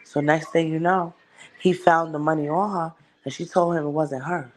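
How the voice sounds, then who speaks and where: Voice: mid-range voice, steady tone, moderate pace, a little hiss or hum, low-quality recording. A speaker telling a long story in casual, profane, slangy chat on a podcast.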